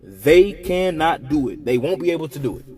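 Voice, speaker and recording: A man's voice: on the high side, big pitch swings, normal speed, a little mellow. A man in heated casual commentary, sarcastic and profane, arguing a religious point through mocking scenarios.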